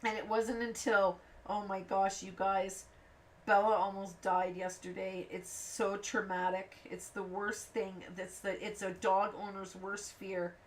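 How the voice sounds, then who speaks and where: Unhurried and at medium pitch, this craft-channel host colors while chatting through rambling, animated stories, voicing the characters' quotes herself. She sounds slightly far from the microphone, and faint background noise is present.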